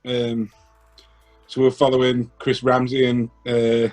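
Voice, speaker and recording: A man co-hosting a podcast, talking in a halting, hesitant way with many pauses. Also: medium pitch, monotone, a little mellow, faint music behind. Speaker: podcast co-host. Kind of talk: casual podcast chat.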